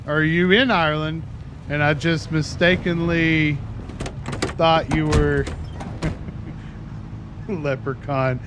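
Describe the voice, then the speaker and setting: Speaking slowly with long pauses, this man in his thirties has a fairly high, slightly bright voice. He chats and rambles at length with his viewers as he plays a game, calls himself a talker, and his stream audio is noisy.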